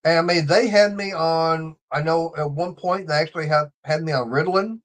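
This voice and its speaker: Livestream host, male, high-pitched, rambling anecdotal storyteller. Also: fairly even intonation, normal speed. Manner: rambling storyteller, acts out quotes. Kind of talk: casual chat.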